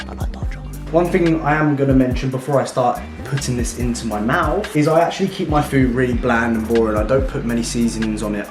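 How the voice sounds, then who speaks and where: A young man with a mid-range voice talks through his meal in a casual, sweary vlog. He sounds blunt and chatty. The sound is roomy, with music clearly playing underneath. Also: mid-range voice. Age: young adult. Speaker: fitness vlogger.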